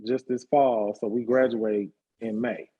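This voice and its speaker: A man in his fifties, a hairstylist and party promoter, telling his life story in a relaxed interview with lots of fillers. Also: mid-range voice, unhurried, highs cut off. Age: 50s. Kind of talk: casual conversational interview.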